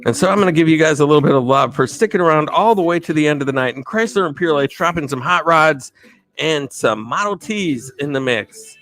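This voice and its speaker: A man hosting a live stream, giving rambling, enthusiastic shout-outs to viewers. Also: on the high side, expressive, brisk. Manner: enthusiastic, rambling, repeats himself. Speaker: livestream host. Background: faint music.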